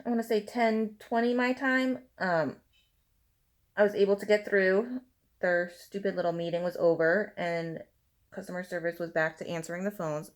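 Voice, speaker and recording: Beauty vlogger, woman, 30s, chatty and fed-up, fillers everywhere while she does her makeup. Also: medium pitch. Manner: animated venting, heavy use of fillers like "you know" and "like"; talks while applying makeup. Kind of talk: casual ranting get-ready-with-me chat.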